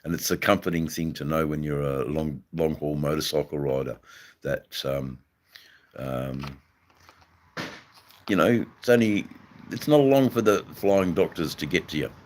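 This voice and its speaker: An Australian man hosting a livestream, chatting casually with viewers in a halting way, full of ums and repeated phrases. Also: very deep voice. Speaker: livestream host reading chat. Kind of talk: casual live-stream chat.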